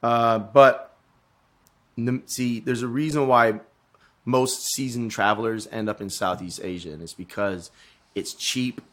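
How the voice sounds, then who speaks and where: A man's voice: medium pitch, unhurried, a bit bright. A man in casual podcast chat, telling travel stories in a rambling way with frequent swearing. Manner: rambling, swears, restarts often. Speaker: guest.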